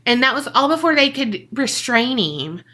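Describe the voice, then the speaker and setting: A woman speaks high and at a moderate pace as she co-hosts a podcast. She's telling a story casually and animatedly, cursing and using slang to act out what others said.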